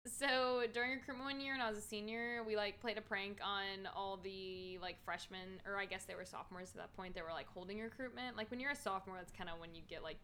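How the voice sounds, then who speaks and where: Bright-voiced chatty young woman. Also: mid-range voice, a little hiss or hum. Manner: chatty storytelling, heavy use of "like". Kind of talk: casual chat.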